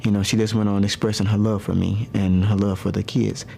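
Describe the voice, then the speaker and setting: Man interviewee, deep gravelly voice, halting and emotional. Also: flat delivery, dark tone, a little hiss or hum. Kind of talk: documentary interview.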